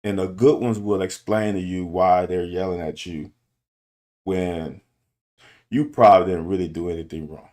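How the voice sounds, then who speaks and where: This middle-aged football coach and show host speaks from his car in a low, darkish voice, with fairly even intonation and normal speed. His candid, casual monologue includes restarts and repetition as he presses his point.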